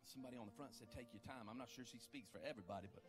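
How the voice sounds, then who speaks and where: A man preaching a sermon, building to loud impassioned peaks and dropping to low, quiet questions. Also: fairly even intonation, rapid-fire, over music. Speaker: pastor.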